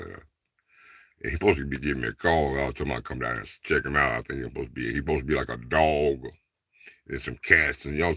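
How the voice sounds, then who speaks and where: A man's voice: rumbling low, sharp tone, slightly rough, no echo. A man hosting a casual chat with viewers, rambling loosely with lots of fillers and informal dialect speech. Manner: rambling, loose, filler-heavy, repeats "man" and "you know". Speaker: livestream host.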